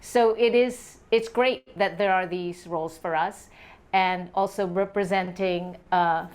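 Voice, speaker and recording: Older actress, slow easy delivery, laughs often, casual interview. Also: female voice, lowish voice, fairly even intonation, clear, resonant tone.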